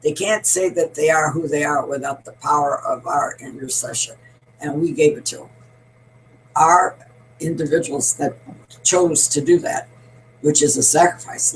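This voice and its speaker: A woman's voice: deep voice, a little slow, low-quality recording. An elderly woman in her eighties delivers an opinionated monologue as a show host. She talks bluntly and emphatically, rambling from point to point. A faint hum sits under her voice. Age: 80s.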